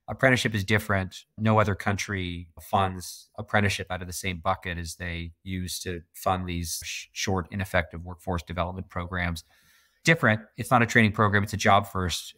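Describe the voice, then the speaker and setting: A man's voice: low voice, fairly bright tone, no echo. A middle-aged man from Canada, a podcast guest talking emphatically and laughing often in a casual interview.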